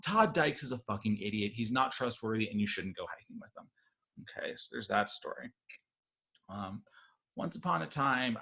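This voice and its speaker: A man performing a stand-up comedy set, rambling with deadpan asides that climb into loud rants. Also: mid-range voice, gravelly, slightly rough.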